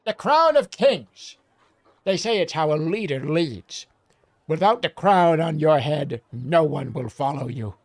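Old wrinkled villager, wry and theatrical, drawn-out talk, lively swoops, dry close sound, a man doing the voice. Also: fairly high pitch, creaky, dry recording, exaggerated voice. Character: weathered old male hill dweller, wry and talkative. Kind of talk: reading a game aloud with character voices.

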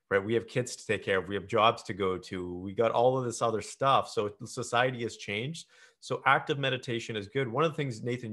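A man's voice: medium pitch, a bit bright. Earnest man giving advice on a podcast. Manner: earnest, advising listeners directly. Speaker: podcast host. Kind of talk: casual podcast conversation.

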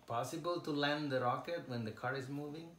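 A man playing with his young son, talking casually, patiently asking gentle questions and repeating the child's words. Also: on the high side, a little fast. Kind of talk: casual playful chat with a child. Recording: echoey room with background noise.

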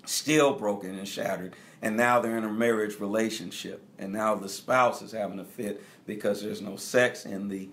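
A man's voice: fairly low pitch, fairly even intonation, normal speed, few pauses, fairly bright tone. Emphatic middle-aged male preacher. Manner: emphatic, repeats key phrases; speaks directly to the congregation. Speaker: bishop. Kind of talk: teaching sermon.

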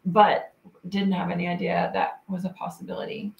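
A woman's voice: on the low side, monotone, moderate pace, creaky, muffled recording. A woman telling a personal story in a casual, earnest way, quoting her own thoughts. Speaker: co-host telling a shared story. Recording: echoey room.

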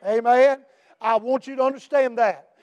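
A pastor with an unusually high voice delivers a sermon, driving his repeated refrains up into shouts and then easing back down. He is a middle-aged man preaching with fervent emphasis. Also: fairly even intonation, moderate pace, highs cut off.

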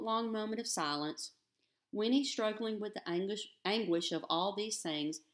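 A woman teacher reading a children's novel aloud to her class at a steady, careful pace. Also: mid-range voice.

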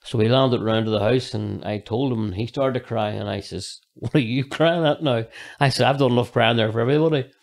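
A man's voice: medium pitch, a little fast, gravelly. A man giving a personal faith testimony as a podcast guest, rambling earnestly with many fillers. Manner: earnest storytelling.

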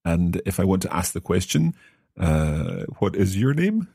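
A man's voice: low-pitched, big pitch swings, measured pace, gravelly, mellow, slightly rough, no echo, clean studio sound. A Scottish man co-hosting a podcast language lesson as the learner, often hesitating and repeating words while he thinks. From Scotland.

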